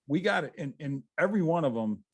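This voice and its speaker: A man's voice: on the high side, animated, fast talker, breathy edge. A man, a guest author, telling stories in a casual interview over a video call, rambling and restarting his sentences.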